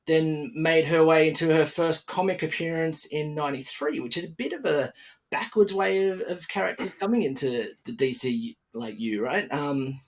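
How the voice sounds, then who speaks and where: Fairly high-pitched and moderately paced, this Australian-accented podcast host runs a casual interview. He's chatty and cheerful, frequently using fillers and starting sentences over.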